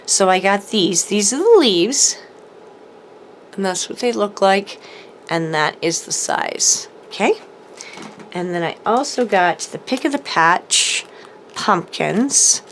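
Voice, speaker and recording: A woman's voice: medium pitch, a bit bright, slight background noise. A woman hosting a casual craft haul video, chatting enthusiastically with lots of ums and little laughs as she shows products to the camera. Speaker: crafting channel host. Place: home craft room, showing products to camera.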